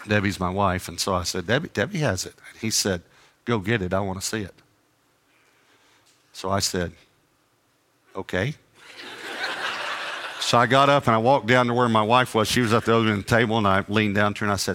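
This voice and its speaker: A middle-aged man preaches, his voice fairly low yet bright and forceful. He tells a story from the pulpit and acts out both sides of the dialogue, poking fun at himself as he goes. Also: fairly quick, long pauses, slight background noise. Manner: animated anecdotes with acted-out dialogue and self-deprecating humor. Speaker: traveling preacher. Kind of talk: sermon storytelling.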